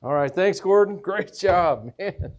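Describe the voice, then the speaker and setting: A man's voice: high-pitched, lively intonation, a little slow, highs cut off. A man, a pastor, making casual, upbeat stage announcements at a gala.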